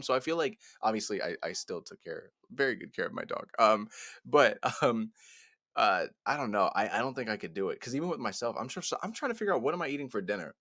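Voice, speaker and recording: A young man co-hosting a casual podcast chat, loud and animated, swearing and laughing often. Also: lowish voice, fast, no echo, clean studio sound. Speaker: podcast co-host.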